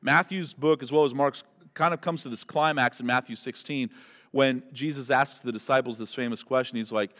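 Animated preacher man in a reverberant hall. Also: mid-range voice, brisk. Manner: animated storyteller, builds to loud emphatic peaks. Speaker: pastor. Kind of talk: expository sermon.

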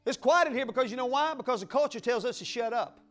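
A man's voice: very high voice, fast talker, fairly bright tone, soft background music. A man preaching a sermon as pastor, fiery and exuberant, with whoops and acted-out little scenes.

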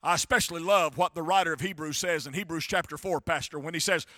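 A male pastor preaching in a church, telling stories and building to shouted peaks. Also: a little high, fast talker, dry recording, studio quality. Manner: rising to shouted crescendos, storytelling. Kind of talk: sermon.

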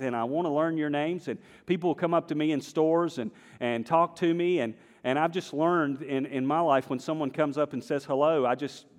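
A man with a slight Southern accent preaching a sermon, moving between emphatic declarations and quiet, conversational storytelling. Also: a little high, in a large hall. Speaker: pastor. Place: church sanctuary.

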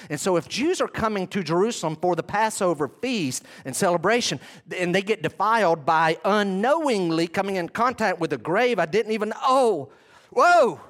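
A man's voice: sits high, a bit bright. A man preaching a sermon as a pastor, in a conversational way with emphatic bursts and asides.

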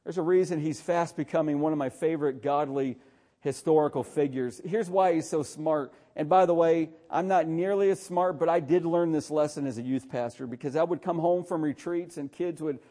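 A man's voice: on the high side, moderate pace, dark tone. A middle-aged man, a pastor, preaching a sermon in an urgent, exhorting way, often calling out to listeners.

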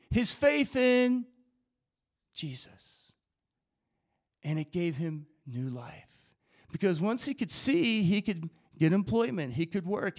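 Male preacher, high voice, energetic conversational sermon. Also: vocal fry. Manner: energetic, conversational, repeats phrases.

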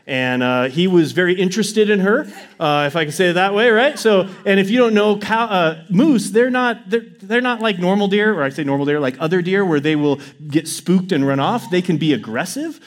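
A man preaching to a congregation, telling a personal story in a casual, animated way. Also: high-pitched. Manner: animated, acts out his story with quick inner quotes. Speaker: pastor. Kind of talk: sermon storytelling.

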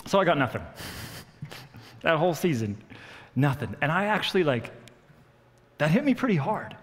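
A man preaching to his church, telling a personal story in an animated, self-mocking way and acting out what people said. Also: fairly high pitch, a little slow. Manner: animated storyteller, acts out quotes, laughs at himself. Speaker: pastor. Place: church hall. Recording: long reverb of a church hall.

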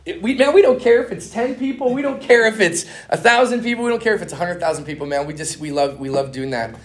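A middle-aged man teaches a conference session like a casual talk. He tells stories in a rush, dropping "man" and "dude" as he goes, his voice jumping from hushed asides up to excited highs. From Minnesota. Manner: animated, fast-talking, lots of "man" and "dude" slang. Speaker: speaker teaching a conference master class on evangelism.

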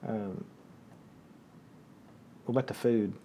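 A man's voice: on the low side, fairly even intonation, slow, warm tone, slight background noise. A man, a pastor, hosting a casual conversation, joking around and asking lots of questions. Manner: joking, asks many questions.

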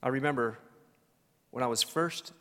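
A man teaching a church Bible study, telling stories in an animated way with frequent restarts and personal asides. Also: mid-range voice, moderate pace. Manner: animated storytelling, many restarts, personal testimony. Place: church hall. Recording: long hall reverb.

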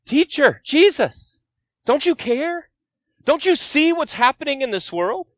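Man playing panicked young fishermen yelling pleading questions in a storm scene, pitched high, dry. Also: big pitch swings, measured pace, no room sound, full character voice. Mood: pleading, alarmed. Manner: pleading, shouting rhetorical questions. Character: panicked young male fishermen disciples crying out.

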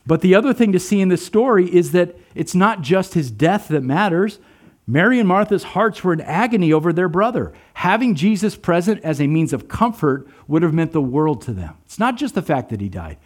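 A man's voice: high voice, expressive, brisk. A man preaching a sermon, earnest and emphatic, asking his listeners rhetorical questions. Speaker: pastor.

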